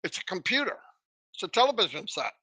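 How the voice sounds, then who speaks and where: A man delivers a live motivational talk in a high, bright voice. He is emphatic and keeps asking the listeners rhetorical questions. The sound is dry and close. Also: big pitch swings, quick pace, slightly rough, dry recording. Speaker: motivational speaker.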